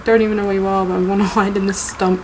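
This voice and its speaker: A woman's voice: medium pitch, very fast, low-quality recording. A young woman commenting casually and jumpily on a horror game she is playing, swearing and talking to the characters on screen. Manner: jumpy, swearing, talks to the game. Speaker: let's play host. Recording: steady background noise.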